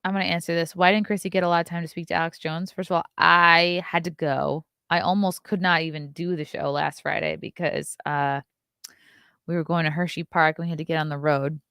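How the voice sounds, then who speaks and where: Woman host, thirties, low-pitched, chatty, opinionated, reading chat, dry close sound. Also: flat delivery, fairly quick, creaky, sharp tone, clear, resonant tone, no room sound. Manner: chatty and opinionated, reacts to chat, yawns often. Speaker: host of a morning talk stream. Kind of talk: casual livestream talk, reading news and chat comments.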